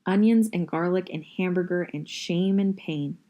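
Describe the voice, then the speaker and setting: A woman's voice: on the low side, normal speed, warm tone. A woman reading a novel aloud in a wry, conversational first-person voice. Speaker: reader. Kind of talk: audiobook-style reading of a novel.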